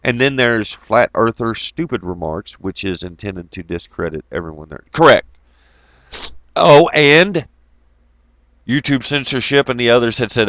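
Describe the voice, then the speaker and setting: A man's voice: lowish voice, expressive, normal speed, a bit bright, no room sound. A man giving a profane, rambling, jokey monologue to his viewers, laughing often. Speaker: YouTube commentator. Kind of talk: casual ranting monologue.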